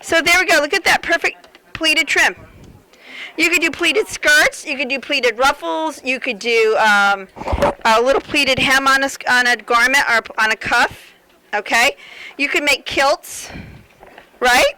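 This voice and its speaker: A woman's voice: sits high, unhurried, sharp tone, low-quality recording. A middle-aged woman giving a live sewing demonstration to an audience at a fair, telling rambling, joking stories as she works. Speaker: sewing seminar presenter.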